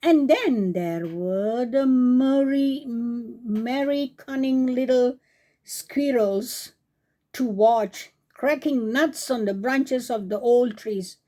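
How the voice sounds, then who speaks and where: A woman reading a fairy tale aloud for children, slowly and gently, stopping to talk to her young listeners. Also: fairly high pitch. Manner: slow, with chatty asides to young listeners. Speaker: storyteller on a kids' channel.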